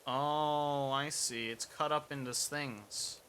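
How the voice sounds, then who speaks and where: Slow and steady in tone, this young man's medium-pitched voice sounds pushed and bright, with a little hiss or hum in the audio. He's streaming a game, muttering as he plays, rambling and mocking himself in casual chat.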